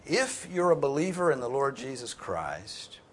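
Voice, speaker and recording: A man speaks a little slowly in a sing-song way, preaching and leading a Bible class discussion. Earnest and emphatic, he tosses in casual asides and raises both his voice and pitch whenever he wants to stress something.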